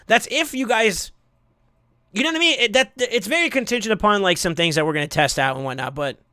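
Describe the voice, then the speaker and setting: A man streaming live, casually chatting and thanking viewers, excitable with sudden yells, his voice going hoarse from yelling. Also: high voice, brisk, no room sound, clean studio sound.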